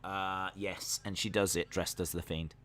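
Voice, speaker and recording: A man's voice: sits low, level tone, measured pace, a bit bright. A young man hosting a live stream, casually reacting to a wrestling show and reading chat messages aloud. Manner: chatty, jokey, talks to chat while watching.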